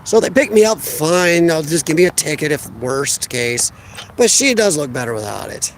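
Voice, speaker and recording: Outdoors beside a parked car, a man chats casually on a phone live stream, rambling and responding to viewers' comments. His voice is on the high side and animated, at a moderate pace, with a slight hiss or hum in the audio.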